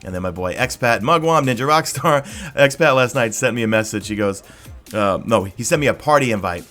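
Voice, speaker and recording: A male gaming YouTuber talks viewers through a game in a casual, rambling way, excited and full of quick asides. His voice sits at an ordinary mid pitch. Faint music plays underneath. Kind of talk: casual gameplay guide commentary.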